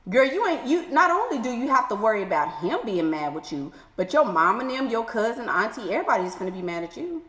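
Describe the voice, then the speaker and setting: Woman, sassy advice vlogger, high voice, echoey room with long ringing reverb. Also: sing-song, a bit bright. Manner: sassy, exclaiming, playful drawn-out asides. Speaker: advice vlogger reading letters. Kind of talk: animated advice commentary.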